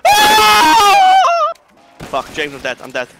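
A man playing a co-op zombie game, swearing constantly and yelling at his teammates. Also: a little high, big pitch swings, normal speed, heavy background noise. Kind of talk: live gameplay chat.

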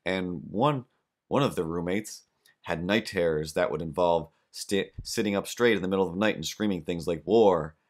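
A man hosting a podcast, telling rambling stories with deadpan jokes in a casual, comedic monologue. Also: low-pitched, moderate pace. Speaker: podcast host.

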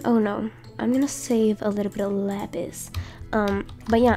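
A young woman doing excited let's-play commentary, gasping and repeating herself often. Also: medium pitch. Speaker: gaming YouTuber.

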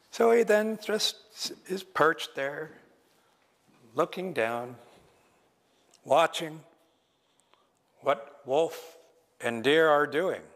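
A man telling traditional stories at a lecture, slow and deliberate with many pauses. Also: fairly high pitch, a bit bright. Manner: slow, deliberate, pausing often. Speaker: traditional storyteller. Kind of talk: traditional oral storytelling at a lecture. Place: lecture hall. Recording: long reverb of a lecture hall.

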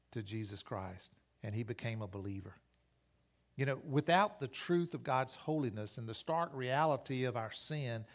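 A male pastor delivers a sermon in a church, setting his pitch in the middle of the male range. He tells a story with earnest conviction, pushing his voice up at the tense moments and letting it drop soft and low as he drives home the point. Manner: earnest storytelling, rising and falling in intensity.

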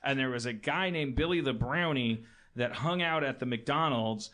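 A man telling a story in casual chat, rambling and halting, with many restarts, often laughing as he talks. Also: medium pitch, fairly bright tone.

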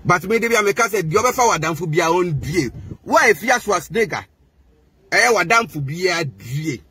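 High-voiced Ghanaian man ranting. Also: lively intonation, normal speed, sharp tone, husky. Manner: heated, mocking, mixing languages. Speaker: social media personality. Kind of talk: confrontational rant to camera.

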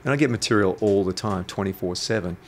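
This guest, an intuitive coach in an interview, talks at a quick pace in a voice on the low side. He spins his stories bluntly and provocatively, swearing freely, with a little hiss or hum in the recording.

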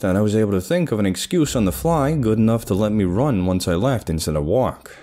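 Guy narrating a dark crime story, warm low tone, swings his voice around a lot, street talk. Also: brisk, hardly any pauses. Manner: casual, streetwise, expressive. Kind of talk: first-person crime horror narration.

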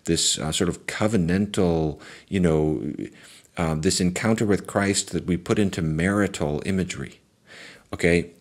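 A man, a pastor, giving an earnest, thoughtful talk on theology, pausing with fillers and restarts as he reflects. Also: deep voice.

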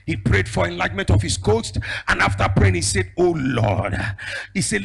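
A male evangelist, preaching a fiery sermon with prophetic declarations. He moves between shouted declarations and a low storytelling voice. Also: moderate pace, creaky, slightly rough. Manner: bursts into speaking in tongues.

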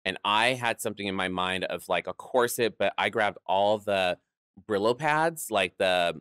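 A man's voice: fairly low pitch, moderate pace, a bit bright, smooth, no echo, studio quality. A man telling stories as a guest in an interview, acting out quoted voices and laughing often. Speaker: guest, drag performer. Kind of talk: storytelling interview chat.

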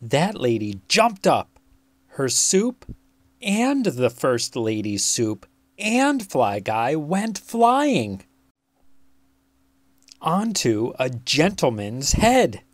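A children's book reader telling a picture-book story aloud, slow, deliberate and expressive. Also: medium pitch, dry recording.

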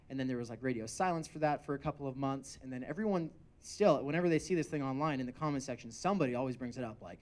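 A man's voice: mid-range voice, fast, few pauses. A man introducing a guest speaker at an event, talking in a loose, casual way with many fillers and restarts.

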